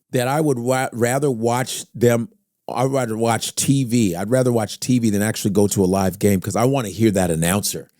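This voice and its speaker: A man hosting a casual podcast chat, excitable and breaking into loud sports-announcer impressions. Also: medium pitch, no room sound, studio quality. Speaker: podcast host.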